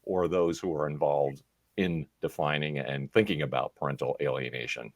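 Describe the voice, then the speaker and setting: Super deep-voiced guy hosting, asks a long rambling question, dry close sound. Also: steady tone, normal speed, no echo. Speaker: podcast host. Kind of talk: interview questions.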